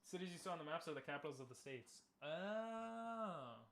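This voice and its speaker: A man's voice: fairly high pitch, big pitch swings, moderate pace, fairly bright tone. A man streaming, chatting casually and easygoingly with his viewers, laughing often.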